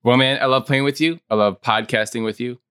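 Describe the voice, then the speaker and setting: A man's voice: mid-range voice, steady tone, a little fast, fairly bright tone, smooth, dry recording, clean studio sound. A man co-hosting an improv podcast in casual chat, speaking earnestly and reflectively, often repeating himself. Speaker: podcast co-host.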